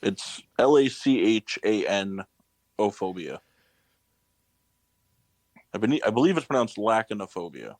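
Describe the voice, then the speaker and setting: A man with a somewhat low voice runs a trivia round in casual podcast banter. He reads each question and spells out hard words letter by letter. The sound is dry and close. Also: big pitch swings, a little slow, pauses often, dry recording. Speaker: trivia quiz host.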